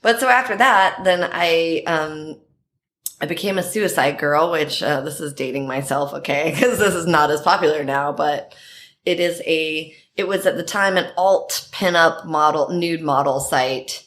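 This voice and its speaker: A woman guest telling personal stories in casual chat, animated and laughing often. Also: a little slow. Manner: animated, laughing often, quoting herself in higher voices. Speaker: podcast guest.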